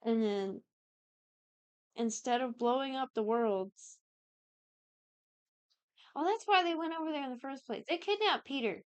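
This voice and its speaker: A woman's voice: high-pitched, animated, a little mellow, clean tone, no room sound. Rambling, profane young woman recapping. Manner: rambling, profane, quotes characters in quick asides. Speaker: podcast co-host recapping a show. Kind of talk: casual chat.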